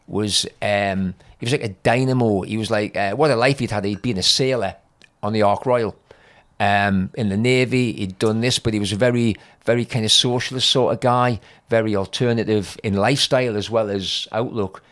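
A man's voice: on the low side, fairly even intonation, normal speed, fairly bright tone. An older man, a comedian guest, telling rambling anecdotes in a casual podcast chat.

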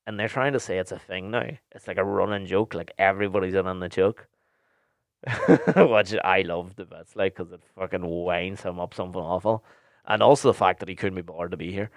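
A man's voice: sits low, fairly even intonation, brisk, dry recording, studio quality. A young man, hosting a podcast and answering listener questions in a blunt, sweary, rambling way. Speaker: podcast host and DJ.

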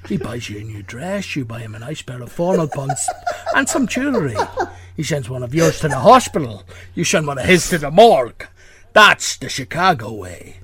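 A man doing a hammy Scottish-lilted old cop. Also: on the high side. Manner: comically hammy, slushy s sounds. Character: gruff older Irish cop with a Scottish film-star lilt, hamming it up.

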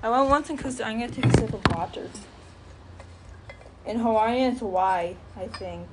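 A woman's voice: on the high side, moderate pace, slight background noise. A woman hosting her own channel, chatting in a casual, rambling monologue full of filler words and restarts. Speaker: channel host.

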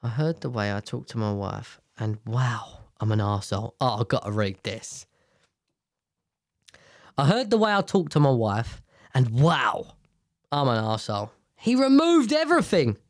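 A man reads online posts aloud and stops to react with blunt, profanity-laced jokes. His voice sits at a middle pitch. The recording is dry and close, with no room sound. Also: big pitch swings, moderate pace, dry recording. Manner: blunt, profane, jokey asides. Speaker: streamer reading posts.

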